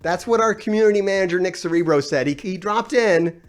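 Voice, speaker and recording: A man's voice: high voice, brisk, soft background music. A man ranting on a gaming live stream, exasperated and sarcastic, swearing often while he reads out comments.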